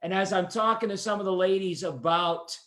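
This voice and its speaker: A man's voice: high voice, a little fast, sharp tone. A man hosting a podcast, telling a rambling personal story in a chatty, self-deprecating way. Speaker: podcast host. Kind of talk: casual anecdotal storytelling.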